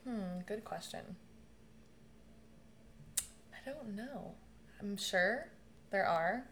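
A young woman in a casual conversation, telling stories with lively bursts of laughter and swearing. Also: medium pitch, very slow, a little hiss or hum. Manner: animated storytelling, laughing often, swearing. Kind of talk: casual chat.

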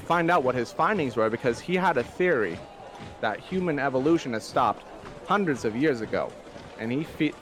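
A man's voice: mid-range voice, fairly bright tone, a little hiss or hum. A man playing a tabletop game, speaking in a hesitant, filler-heavy way. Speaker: player. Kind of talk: tabletop game role-play.

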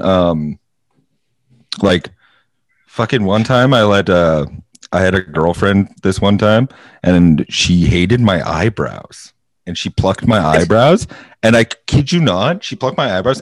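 A man's voice: low-pitched, no room sound. A young man in casual chat, joking around and swearing freely.

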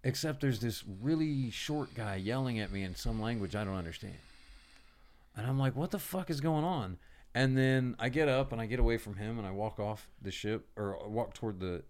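A man hosting a podcast, casually telling a profane, animated story about his navy days. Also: lowish voice, moderate pace. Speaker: podcast host.

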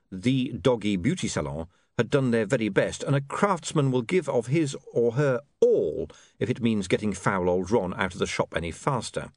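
A male narrator reads a comic fantasy audiobook in a dry, wry manner. His pitch moves with lively, animated contours. The recording is close and dead, with no room sound. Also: no echo. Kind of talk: scripted narration.

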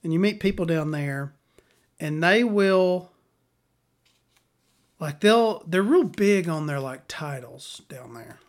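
A woman's voice: deep voice, lively intonation, slow, long pauses. A woman from Alabama talks. She tells stories in a casual, exasperated rant, blunt and full of profanity.

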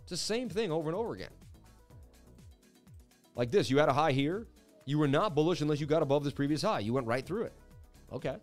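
A man's voice: fairly high pitch, animated, quick pace, long pauses, faint music behind. A man of about forty hosting a crypto livestream, chatting casually and reading out viewer messages in a hyped, talkative way.

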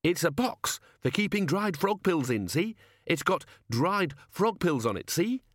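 A man's voice: on the high side, big pitch swings, unhurried, fairly bright tone, no room sound, clean studio sound, pitched above the performer's own voice, exaggerated voice. A man voicing a pompous, greedy old male wizard in a fussy, self-satisfied way. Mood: smug.

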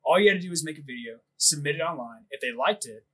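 A husky-voiced man in his thirties spins a crude, rambling story, pitched a bit higher than most men. He laughs often and fills every pause with "like" in loose podcast banter. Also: expressive, fairly bright tone. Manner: rambling, laughs a lot, heavy "like" filler. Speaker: podcast co-host.

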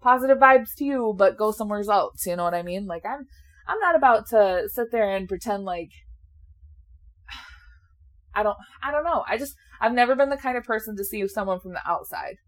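With lively intonation and a mid-range voice at normal speed, a woman in her late twenties chats openly and casually. She laughs a lot, swears occasionally, and seems a bit sleepy, yawning now and then.

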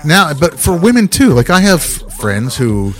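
A man's voice: a little high, sing-song, a little slow. A man co-hosting a casual podcast, telling frank, crude anecdotes with casual swearing. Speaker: podcast co-host.

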